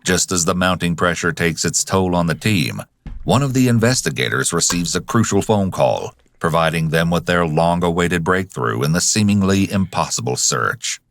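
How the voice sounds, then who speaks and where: A man narrating a true crime documentary in a measured, dramatic way. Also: low-pitched, lively intonation, fairly bright tone, no room sound.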